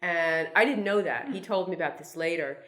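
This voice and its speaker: Her lowish, fairly bright voice moves at a fairly quick clip. She's a woman in her sixties from Brooklyn, New York, a cartoonist guest speaker spinning meandering, self-mocking anecdotes for a crowd, often restarting and drifting into asides.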